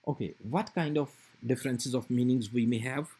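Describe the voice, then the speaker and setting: Male lecturer, mid-pitched and a little husky, patient recorded-lecture delivery. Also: moderate pace, warm tone. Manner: patient explaining with fillers and repeated examples.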